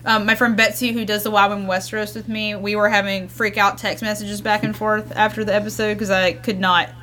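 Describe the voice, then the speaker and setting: A woman's voice: medium pitch, little pitch movement, a little fast, sharp tone, slight background noise. A woman co-hosting a podcast, frank and chatty, laughing easily. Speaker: podcast co-host. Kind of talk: casual podcast chat.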